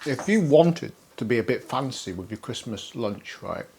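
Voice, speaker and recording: A man's voice: mid-range voice, very animated, normal speed, gravelly, darkish tone, a little hiss or hum. A man hosting a casual cooking demonstration in a kitchen, chatty and upbeat, with easy laughter. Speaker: cooking show host.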